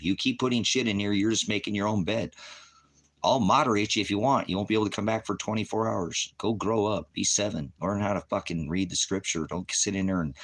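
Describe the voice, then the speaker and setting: A man preaching on a livestream, profane and combative, berating commenters and repeating himself. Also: on the low side. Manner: repetitive, shifting between shouting and muttering. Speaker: online preacher. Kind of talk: livestream rant at chat.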